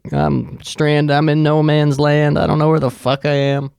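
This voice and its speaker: A man's voice: a little high, completely flat delivery, moderate pace, gravelly, a little mellow, smooth, dry recording, studio quality, pitched above the performer's own voice. A man imitating a panicking, lost older woman. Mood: panicked. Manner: wailing, frantic.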